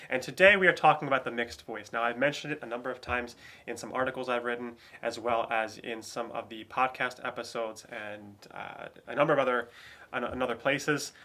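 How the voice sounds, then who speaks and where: A man's voice: mid-range voice, steady tone, fairly quick, bright, forceful tone. A man teaching a singing lesson, explaining vocal technique with restarts and fillers, now and then singing short operatic phrases as examples. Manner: breaks into sung operatic demonstrations.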